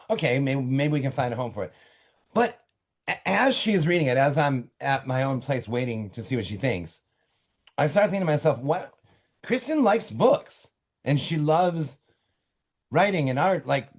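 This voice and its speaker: A middle-aged man talks from his home office as an interview guest. His voice sits at an ordinary middle pitch, and he tells his stories eagerly, breaking off into quick asides and restarting his sentences. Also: darkish tone. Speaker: author guest. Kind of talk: casual interview talk.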